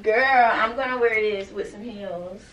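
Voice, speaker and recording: A woman's voice: mid-range voice, measured pace, a bit bright, distant mic. A young woman in casual prank-vlog banter, playful and teasing, using a lot of slang. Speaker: vlogger pulling a prank. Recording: echoey room, from off-mic.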